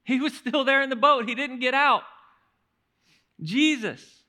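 A male pastor preaching a sermon in an animated storytelling manner, often restarting his words. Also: very high-pitched, measured pace.

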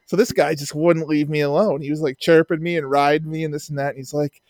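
Man from Canada, casual storyteller, acts out quotes, a touch high-pitched, dry sound. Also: quick pace, no room sound. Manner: animated, acts out quoted people, laughs while telling.

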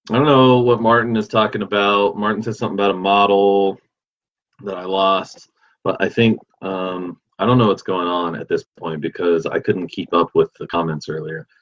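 A man with a low, slightly bright voice hosts a livestream, chatting casually and reading out viewer comments. He rambles in an easygoing way with lots of fillers, and the sound is dull and lo-fi.

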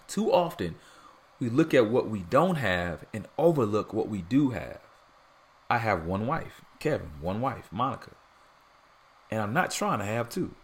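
A man with a somewhat low voice delivers a podcast sermon. He is earnest and steady, and he breaks into relaxed, conversational asides while leaning on repetition to drive points home. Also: normal speed. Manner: earnest preaching with casual asides and repeated phrases. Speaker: podcast preacher.

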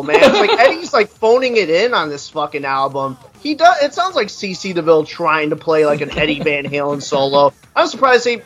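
A man's voice: sits high, a bit bright, dull audio. A man ranting crudely and mockingly while reviewing an album in casual podcast chat. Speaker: podcast co-host.

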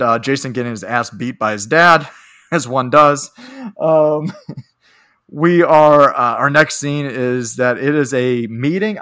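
A man's voice: medium pitch, pushed and bright. Laughing, profane man chatting about movies. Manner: profane, laughing, rambling with fillers. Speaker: podcast co-host. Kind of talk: casual movie-review chat.

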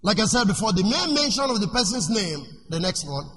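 A male preacher giving a sermon in an animated way. He asks the congregation questions and lets them finish his sentences. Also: high-pitched, fairly quick. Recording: echoey hall with faint noise.

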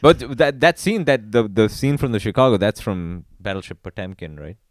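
A man co-hosting a casual podcast chat, talking haltingly with many fillers as he thinks aloud. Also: lowish voice, dry recording.

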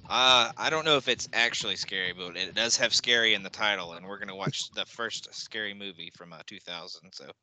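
A man's voice: on the low side, fairly quick, hardly any pauses, pushed and bright. A man co-hosting a casual podcast where he watches a movie live, talking in a laid-back way and laughing often. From United States. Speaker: podcast co-host.

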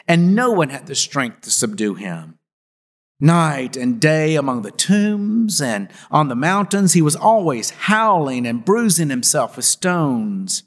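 A man, a pastor, reading scripture and preaching in a measured, deliberate way in a church. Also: fairly high pitch, in a large hall. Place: church sanctuary.

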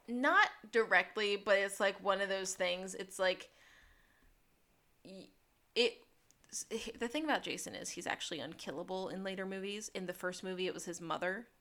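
A woman's voice: mid-range voice, normal speed, bright, forceful tone. A woman co-hosting a podcast, recapping a TV episode in casual chat and acting out lines with laughs. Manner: chatty, acts out quotes with laughter. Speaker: podcast co-host.

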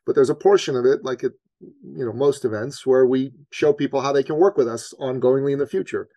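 A man, a business coach, telling a personal story on a podcast in an earnest, animated way that leans on his faith. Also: mid-range voice, a little fast, no echo. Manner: animated storyteller, acts out his own panic.

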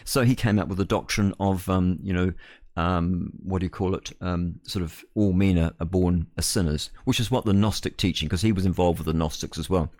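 A man's voice: deep voice, fairly even intonation, brisk, darkish tone, no room sound, studio quality. A man with a New Zealand accent hosting radio talk, preaching in a rambling, earnest way with many restarts. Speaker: radio host.

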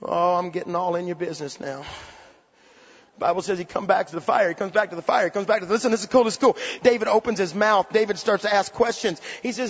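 A man preaching an intense sermon, swinging from shouted lines to hushed, quiet asides. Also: high-pitched, fast talker, long reverb tail, muffled recording.

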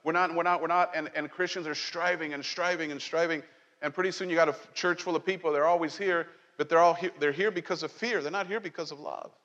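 A man pastor delivers a loose, conversational sermon in a slightly high voice, joking and asking the congregation questions. The sound is dull and muffled, and it rings with a long reverb in a big church hall. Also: fast talker. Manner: conversational, animated preaching with jokes and asides. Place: church sanctuary.

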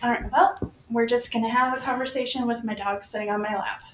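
A woman's voice: on the high side, steady tone, fairly quick, a little hiss or hum, low-quality recording. A woman in her forties chatting casually from her bedroom floor into a microphone, laughing often and poking fun at herself. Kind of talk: casual chat. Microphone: desk microphone.

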